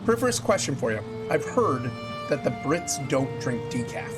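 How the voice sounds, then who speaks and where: A man's voice: mid-range voice, very animated, moderate pace. A man streaming a game with a headset mic, chatting and joking with viewers as he plays. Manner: chatty, jokey, talks to chat while playing. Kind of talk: casual gameplay chat with viewers. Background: game music.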